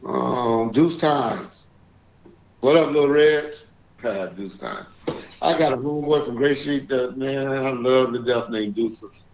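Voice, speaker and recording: A man's voice: mid-range voice, takes it slowly, gravelly, slight background noise. Man hosting a livestream, echoey lo-fi. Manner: relaxed, reads out viewer shout-outs. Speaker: livestream host. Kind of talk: casual live-stream chat. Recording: echoey, dull lo-fi stream audio.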